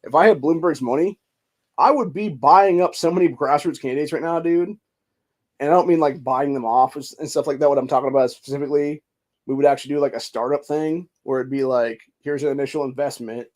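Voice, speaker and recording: A man's voice: fairly high pitch, quick pace, darkish tone. A man hosting a political podcast, talking in a rambling, profane way, full of fillers like "dude" and "bro". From Ohio. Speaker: podcast host. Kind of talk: casual political commentary.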